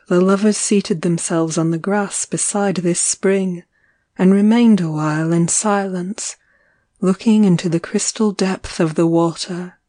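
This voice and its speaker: Female audiobook narrator, unhurried and lyrical, mellow tone, dry studio sound. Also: mid-range voice, dry recording. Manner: slow, measured, lyrical.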